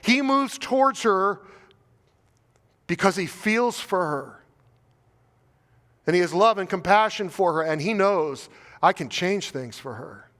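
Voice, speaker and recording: An American man delivers a sermon in a fairly high voice, earnest and pleading. He stacks rhetorical questions and doubles back on his words. The sound rings with the long reverb of a church hall. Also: fairly bright tone. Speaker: pastor. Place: church sanctuary.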